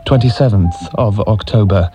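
A man's voice: on the low side, moderate pace, dark tone, soft background music. A man giving an anguished, emotional dramatic reading of letters. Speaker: reader.

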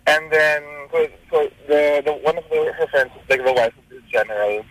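A man calling in to a radio show, telling a story with halting, hesitant phrasing. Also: fairly high pitch, fairly bright tone, dry recording, low-quality recording. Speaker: caller.

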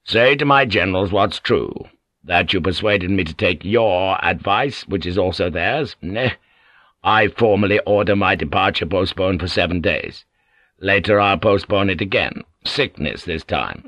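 A narrator dropping into a shrewd aging warlord, deep and unhurried, each word weighed with quiet authority. The sound is close and dry. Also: male voice, lively intonation, no echo, full character voice. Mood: scheming. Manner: measured, authoritative, sly. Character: aging male warlord, cunning and commanding. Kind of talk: audiobook character voice.

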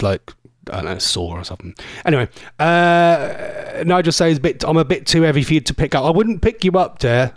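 A radio presenter chats and teases his listeners in a loose, rambling way. His pitch leaps around animatedly, and the studio recording is close and dry. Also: dry recording. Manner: chatty, teasing, rambling with mock-posh asides. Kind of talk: casual chat with listener messages.

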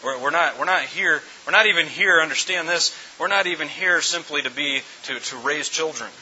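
A man's voice: a little high, moderate pace, pushed and bright. A middle-aged man preaching a sermon as pastor, emphatic, often repeating words and restarting his phrases. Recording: dull lo-fi recording with faint hiss.

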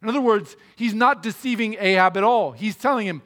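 A man's voice: high-pitched, a little fast, hardly any pauses, fairly bright tone. A man giving a sermon, walking through a Bible passage in an earnest, emphatic, conversational way. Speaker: preacher.

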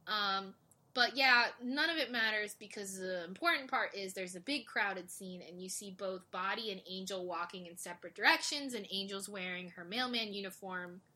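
A woman's voice: mid-range voice, normal speed. A woman co-hosting a podcast, recapping a show in casual chat and acting out the characters' lines. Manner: animated storyteller, acts out quotes. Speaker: podcast co-host.

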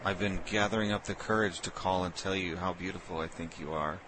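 A low-voiced man runs a crude prank call in a brash, deadpan manner. He sounds forward and unbothered, and clear noise hums behind him. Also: brisk. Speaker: prank caller and show host.

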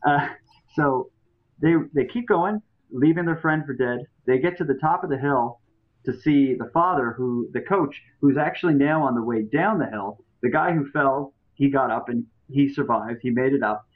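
A man's voice: medium pitch, normal speed. Male podcast guest, rambling storyteller with fillers, tinny phone-like audio. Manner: rambling, many fillers and restarts. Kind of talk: casual storytelling.

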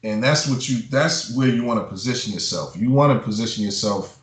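A man talks through an interview in a room with an echo, his voice bouncing off the walls. He speaks bluntly and swears freely, getting heated as he rants in casual conversation. His pitch sits in a middle range. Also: brisk. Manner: blunt, profane, heated ranting. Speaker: music publisher. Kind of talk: casual advice talk in an interview. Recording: roomy echo.

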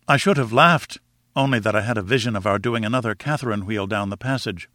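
A man narrates a novel as an audiobook reader, keeping his storytelling measured and even. His voice sits lowish, and the scripted narration is captured in a clean studio with no room sound.

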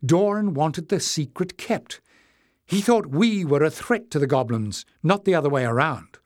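A man's voice: on the high side, animated, normal speed, dry recording, pitched above the performer's own voice, natural voice. A man playing a stubborn young heroine from a fantasy storybook, urgent and emphatic, her voice raised well above his own. The sound is dry and close.

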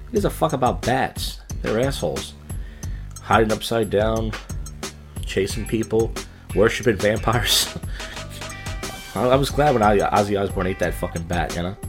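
A man's voice: on the low side, normal speed, long pauses, music in the background. A man hosting a comedy podcast, ranting crudely and rambling between stories. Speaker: podcast host.

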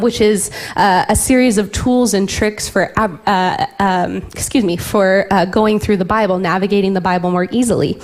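Playful storytelling woman pastor. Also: medium pitch. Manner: storytelling, playful, dips into whispers for effect. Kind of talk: sermon with personal stories.

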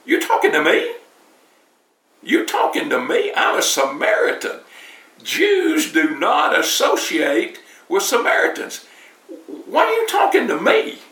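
A man putting on a shrill indignant woman. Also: huge pitch swings, a little slow, pushed and bright, heavily acted. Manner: incredulous, exaggerated. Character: indignant Samaritan woman, defensive. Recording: roomy, distant mic.

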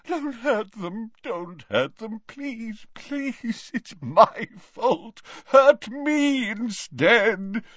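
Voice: mid-range voice, animated, extremely slow, few pauses, no room sound, muffled recording, pitched above the performer's own voice. A reader voicing an old male wizard in agony, wailing, sobbing and begging in an audiobook. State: crying out in torment. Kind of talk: audiobook character voice.

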